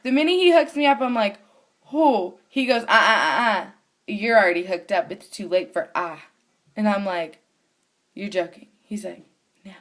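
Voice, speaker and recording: A woman of young to middle age tells a story straight to the camera in a casual vlog. She is animated, acting out the voices of the people in her story with loose, everyday swearing. Her voice sits at an ordinary middle pitch for a woman. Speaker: vlogger.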